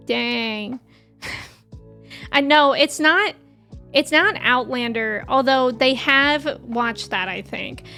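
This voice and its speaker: Young American woman game streamer, high-pitched, rambling casual chat with viewers. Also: pushed and bright. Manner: chatty, rambling, laughs often.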